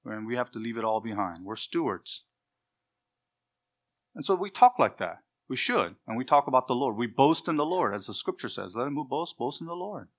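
A man's voice: medium pitch, big pitch swings, normal speed. A middle-aged man preaching an expository sermon, earnest and emphatic, building his points in repeated lists.

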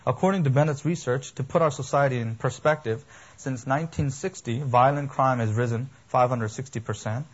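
A man's voice: medium pitch, fairly quick. A man preaching a sermon as a pastor, emphatic and building, with lists and rhetorical questions. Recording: dull lo-fi sermon recording.

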